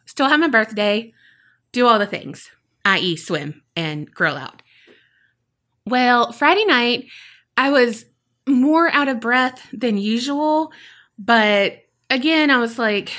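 A woman's voice: a little high, animated, unhurried, a bit bright. A woman, telling a personal story on a podcast and acting out her own past remarks. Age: 30s. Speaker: podcast co-host. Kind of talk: casual storytelling chat.

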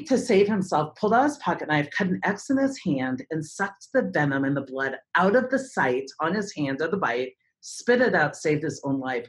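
Woman in her 40s spinning a wild story for an interviewer, lowish voice, really animated, jumps into little character voices. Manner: animated, dramatic storyteller who acts out voices. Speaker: speaker and trainer.

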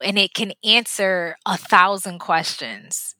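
Woman guest, emotional personal storyteller, unhurried, faint music underneath. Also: medium pitch, no room sound, studio quality. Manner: emotional, animated retelling with quoted voices.

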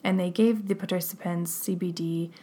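A woman's voice: lowish voice, steady tone, moderate pace, dark tone, husky. A woman in her thirties hosting a podcast, talking in an upbeat, chatty way with filler ums. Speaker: podcast host. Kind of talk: casual podcast monologue with ad reads.

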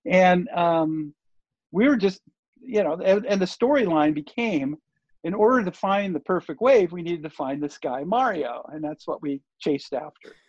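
A man's voice: high voice, animated, normal speed, darkish tone, no echo. An older man, a guest on an interview show, telling a story in a loose, rambling way with lots of fillers and restarts. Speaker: interview guest, surf TV producer. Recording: dull lo-fi dry recording.

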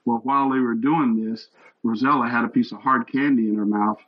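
A retired fire captain in his sixties, appearing as an interview guest, tells stories in an earnest, animated way. His mid-range voice moves a little fast, and the audio sounds dull.

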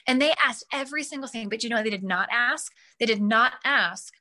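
Bright-voiced woman telling a personal story. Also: sits high, fairly quick, few pauses. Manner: animated, acts out her own past reactions. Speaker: guest, mother telling her son's story.

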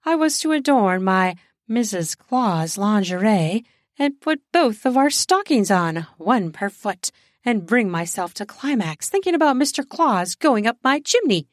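Woman narrator for adult fiction: unhurried first-person storytelling, close and dry. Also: mid-range voice, very animated, no room sound. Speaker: podcast host and story narrator.

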